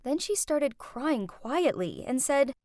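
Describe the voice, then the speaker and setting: Young woman telling a dramatic storytime, high voice that swings all over. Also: slow pace, no room sound, studio quality. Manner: lively, dramatic first-person telling. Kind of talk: animated storytime narration.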